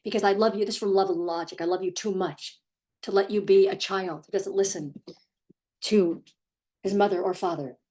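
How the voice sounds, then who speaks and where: A woman's voice: lowish voice, darkish tone. A middle-aged woman who works as a parenting coach, giving firm, emphatic advice straight to the camera and often repeating herself. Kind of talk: direct-to-camera advice talk.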